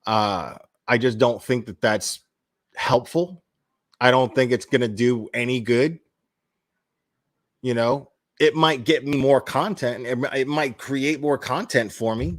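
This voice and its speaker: A man's voice: medium pitch, measured pace. A man, a crime-commentary vlogger, ranting casually, bluntly and profanely with laughing asides. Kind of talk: casual vlog rant.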